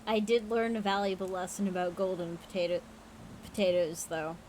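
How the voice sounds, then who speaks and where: A woman with a middle-pitched voice reads spooky stories aloud on a livestream. She keeps breaking off for frank, profane, laughing asides while she fights the hiccups. A faint hum of room sound sits underneath. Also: level tone, normal speed, darkish tone, rough recording. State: has the hiccups; tired. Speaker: livestream host. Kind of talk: reading spooky stories aloud, with casual chat.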